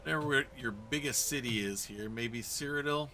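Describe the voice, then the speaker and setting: A man from Kentucky narrates his let's-play in a chatty, easygoing way, talking to viewers and in-game characters as he goes. His voice is bright and forceful at a middle pitch. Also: moderate pace, slight background noise. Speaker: gamer role-playing as himself.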